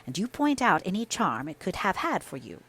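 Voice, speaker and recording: A woman voicing a proud, sharp-tongued young mistress of the house who speaks with scorn and emphasis. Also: lowish voice, big pitch swings, fairly quick, slightly rough, heavily acted. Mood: scornful, emphatic.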